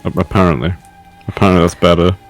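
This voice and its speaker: Deep-voiced Northern English man reading. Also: fairly even intonation, fast, soft background music. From England. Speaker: co-host and story reader. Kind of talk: reading a horror story aloud.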